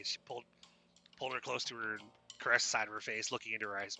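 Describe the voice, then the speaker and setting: Casual male storyteller, very bright, slightly high; rambly narration with faint music under. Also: steady tone, fast. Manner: casual, rambling, restarts often. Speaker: storyteller host.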